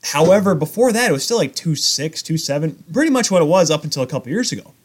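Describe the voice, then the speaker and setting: A man's voice: on the high side, quick pace, slightly rough. A young man co-hosting a podcast, rambling in casual chat about hockey and goaltending. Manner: animated, rambling hockey talk. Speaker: podcast co-host.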